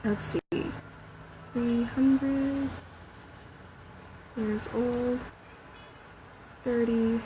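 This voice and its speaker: A woman's voice: a little high, fairly even intonation, very slow, long pauses, noisy background. A woman novelist chatting on a casual livestream from home, rambling and reading names aloud as she thinks.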